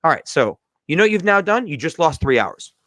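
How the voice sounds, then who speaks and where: A man's voice: on the high side, big pitch swings, brisk, fairly bright tone, dry recording. A man hosting a motivational podcast stream, talking to viewers in an emphatic, lecturing way and repeating his points. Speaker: podcast host. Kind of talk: motivational livestream talk.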